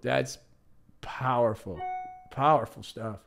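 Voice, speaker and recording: A man's voice: mid-range voice, slow pace, faint music behind. A man hosting a reaction video, commenting in a casual, enthusiastic way and repeating words for emphasis.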